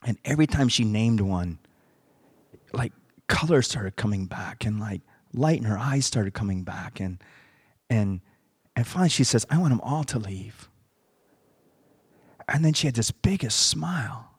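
A man's voice: medium pitch, lively intonation, measured pace, long pauses, breathy edge, no room sound, clean studio sound. A man, a pastor, preaching by telling a story and acting out the dialogue as he goes. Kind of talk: sermon storytelling.

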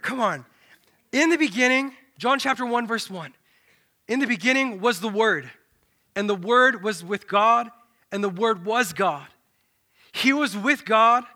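A man delivers a sermon in an animated, dramatic style, sinking to a low hush before swelling loud again.

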